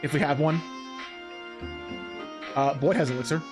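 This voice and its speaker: A man streaming a video game, rambling and joking with chat in a loose, animated way. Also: on the high side, measured pace, music in the background. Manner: animated, rambling, jokey, laughs often. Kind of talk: live gaming commentary.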